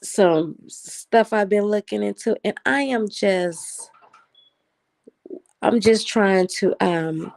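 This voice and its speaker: Animated, excited-sounding woman livestreaming. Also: medium pitch, slow pace, vocal fry. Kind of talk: casual live chat, reading viewer comments.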